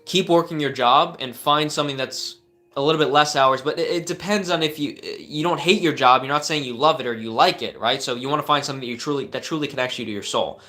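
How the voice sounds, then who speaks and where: A man's voice: medium pitch, fast, bright, forceful tone. A young man hosting a live stream, answering viewer questions with earnest coaching advice and frequent fillers and restarts.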